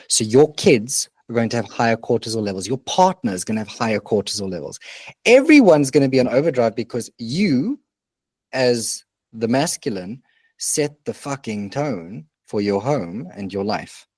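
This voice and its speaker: A man's voice: mid-range voice, darkish tone, slightly rough, dry recording. A man co-hosting a podcast, coaching in an earnest, emphatic way and swearing now and then. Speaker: podcast co-host. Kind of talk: casual podcast conversation.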